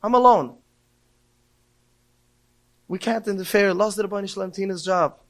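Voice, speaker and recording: Racing along in a high-pitched, level tone, a middle-aged man on a podcast gives a heartfelt Torah talk. He tells stories and breaks into emotional cries when quoting prayers.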